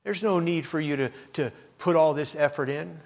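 A middle-aged male pastor preaching a sermon, swinging from low, earnest talk up to loud, impassioned outbursts. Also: normal speed, vocal fry. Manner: preacherly, rises to loud impassioned shouts when quoting.

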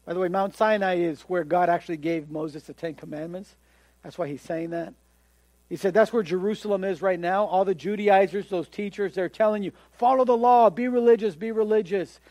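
High-voiced animated male preacher. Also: fairly quick, no room sound. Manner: animated, acts out quoted voices, repeats words when excited. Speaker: pastor. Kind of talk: sermon.

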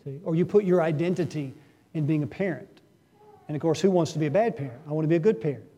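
Male pastor, fairly high voice, mellow tone, sermon delivery with loud surges. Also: quick pace. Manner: earnest preaching with sudden rises in pitch and loudness for emphasis; asks the congregation rhetorical questions.

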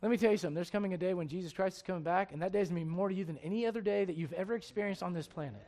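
Speaking rapid-fire in a high-pitched voice, a middle-aged male pastor preaches dynamically, moving from loud to hushed and performing characters' voices in small scenes.

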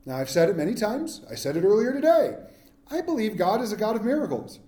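A man preaching to his congregation with a fairly high, mellow voice. He talks in an easygoing, humorous way and keeps tossing questions to the listeners. The sound is roomy, with a clear echo around him. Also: very animated, quick pace. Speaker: pastor. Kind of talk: sermon.

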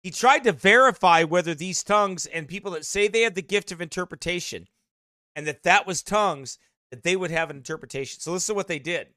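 High, bright-voiced man reading aloud. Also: a little fast, dry recording, studio quality. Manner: folksy asides between read passages. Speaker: broadcast teacher. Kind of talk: reading a book aloud with remarks.

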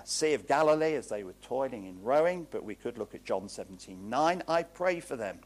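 A man's voice: mid-range voice, darkish tone. A man preaching a sermon in an earnest, emphatic way, asking rhetorical questions.

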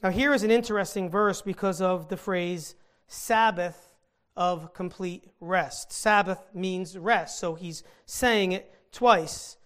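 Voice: mid-range voice, slow pace, a bit bright. A Bible teacher giving an earnest scripture teaching, stopping to explain the meaning of original-language words.

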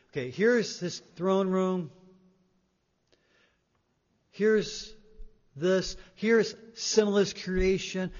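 A man preaching a sermon, emphatic, swinging between loud and quiet and repeating words for weight. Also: fairly high pitch. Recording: dull sound in a reverberant hall.

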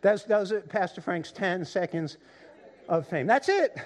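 At a measured pace, this male preacher alternates between loud enthusiasm and low, quiet emphasis, and he frequently repeats words to build up an argument.

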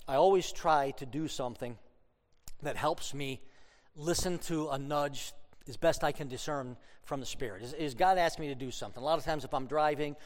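A man preaching a sermon, telling stories with humor and sudden loud outbursts. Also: mid-range voice, long reverb tail. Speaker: pastor.

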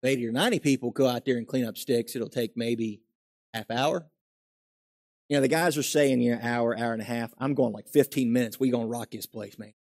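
A man's voice: mid-range voice, steady tone, a little fast. A middle-aged male pastor preaching a conversational sermon, asking his congregation questions and acting out everyday quotes.

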